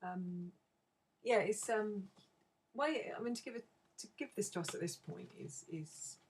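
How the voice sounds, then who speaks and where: A middle-aged woman speaking to camera in a video diary, a mother talking hesitantly and thoughtfully, with frequent pauses. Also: medium pitch, animated, darkish tone, slight background noise, rough recording. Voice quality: gravelly, very husky. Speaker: bereaved mother.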